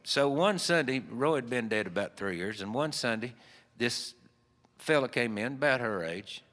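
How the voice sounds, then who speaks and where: A man's voice: mid-range voice, expressive, normal speed, a bit bright. A man with an Appalachian accent telling a folksy story in a rambling, easygoing way full of fillers. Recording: long hall reverb.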